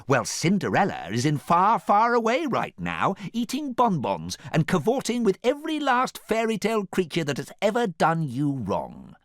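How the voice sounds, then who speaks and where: A man putting on a scheming young prince with a raised, strained, bright voice. He makes grand, persuasive speeches in a storybook reading, dry and close to the mic. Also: sits high, wildly swooping pitch, normal speed, few pauses, dry recording, pitched above the performer's own voice, exaggerated voice. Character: scheming smooth-talking young male prince.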